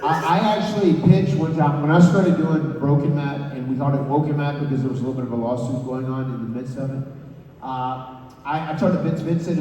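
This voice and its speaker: A man's voice: fairly high pitch, fairly quick, lo-fi sound. Man telling stories in an echoey hall. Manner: animated, repeats words, acts out quotes. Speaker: panel guest. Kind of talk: storytelling at a convention panel. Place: large convention hall. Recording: echoey hall, distant mic, background noise.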